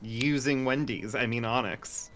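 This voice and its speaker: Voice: medium pitch, fairly even intonation, unhurried, a bit bright, soft background music. A guest co-commentator on a Let's Play, tossing out dry, teasing quips. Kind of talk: casual gaming banter.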